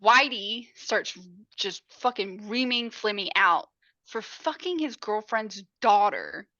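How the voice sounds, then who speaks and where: A woman co-hosting a podcast, casually recapping a movie with lively acted quotes and frequent swearing. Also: a little high, dry recording, highs cut off. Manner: animated retelling with acted quotes, swears freely. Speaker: podcast co-host.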